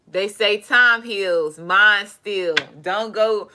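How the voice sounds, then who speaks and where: Woman doing a tarot reading, bright voice, swears a lot, super animated. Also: medium pitch, extremely slow. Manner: animated, profane, laughing asides. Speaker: tarot reader. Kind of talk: casual tarot reading monologue.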